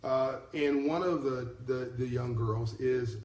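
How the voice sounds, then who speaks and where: A middle-aged man talks to his live viewers in a motivational, preachy way, circling back to repeat his key points. He rambles and restarts his sentences. The room has a roomy echo, and his pitch sits in the middle for a man. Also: steady tone, takes it slowly, a little mellow. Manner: rambling, many fillers and restarts. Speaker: motivational speaker hosting a live stream. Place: in South Africa, on a live broadcast. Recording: echoey room.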